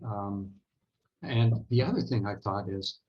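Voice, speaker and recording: A man with a fairly low voice delivers a conference keynote as an unhurried, reflective story. He pauses and hesitates often as he recalls the details. The recording sounds dull and lo-fi. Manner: measured, reflective, halting storytelling. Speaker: keynote speaker.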